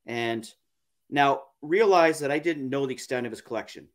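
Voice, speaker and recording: A man, a podcast guest, telling a story in a halting, casual way, repeating words and using many fillers. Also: medium pitch.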